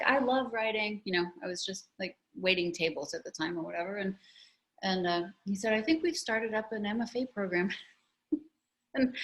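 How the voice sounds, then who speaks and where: A woman's voice: on the low side, fairly bright tone, low-quality recording. A woman author chatting about her memoir in a video-call interview, telling stories animatedly with lots of restarts and asides.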